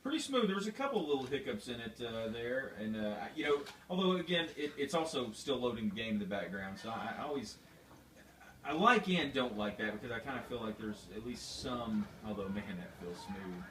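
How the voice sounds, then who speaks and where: A man's voice: medium pitch, expressive, a little fast, fairly bright tone. A man hosting a casual let's-play, rambling with hesitant fillers while he comments on the game. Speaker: gaming host. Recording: distant mic in a roomy space, faint noise.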